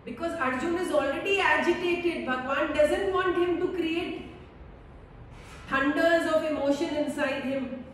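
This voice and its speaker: A woman with a high voice speaks slowly and calmly, giving a devotional scripture talk with gentle repetition. Her voice is picked up from a distance in a very echoey hall with a long reverb tail. Faint room ambience sits underneath. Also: slight background noise. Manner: slow, calm, meditative delivery with repeated phrases. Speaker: spiritual teacher.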